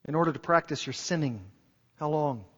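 A high-pitched male preacher delivers an earnest sermon, returning again and again to pointed rhetorical questions. His voice carries long reverb from a large church sanctuary. The recording itself sounds dull and muffled. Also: brisk.

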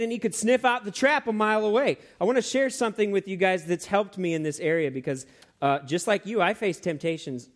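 A man preaching a sermon who tells stories in an animated way, with many fillers and restarts. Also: a little high.

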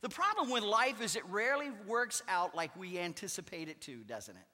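A pastor preaching a sermon, with emphatic declarations that drop to hushed asides. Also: male voice, high voice, sing-song, a little fast. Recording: long hall reverb.

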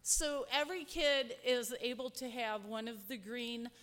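Woman volunteer at the pulpit, slightly high voice, long hall echo, heartfelt and halting. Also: a bit bright. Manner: heartfelt, rambling, many fillers. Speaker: church ministry volunteer. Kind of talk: speaking to a church congregation. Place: large church hall. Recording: long hall reverb, from a distance.

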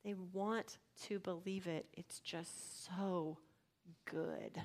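A woman with a mid-range voice preaches a sermon conversationally, putting direct questions to her listeners. She swings between loud emphasis and hushed, almost whispered lines.

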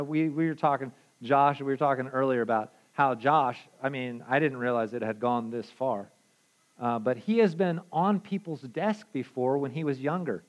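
A male pastor preaching a conversational sermon, candid and casual, dropping to quiet asides and then pushing to loud emphasis. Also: on the high side.

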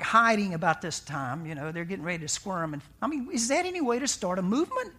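Male pastor, conversational sermon, rhetorical questions, hushed dramatic drops. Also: extremely high pitch.

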